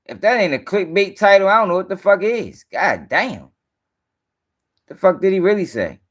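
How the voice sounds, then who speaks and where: A man's voice: sits high, big pitch swings, normal speed, fairly bright tone. A man hosting a live-stream news show, ranting in casual, profane, rambling talk and sounding tired.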